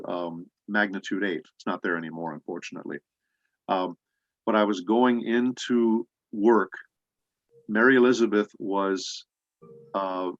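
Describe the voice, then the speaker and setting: Middle-aged male voice actor, low voice, rambling storyteller, dull lo-fi audio. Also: no room sound. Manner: rambling anecdotes with many pauses. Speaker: voice actor guest. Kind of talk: casual interview storytelling.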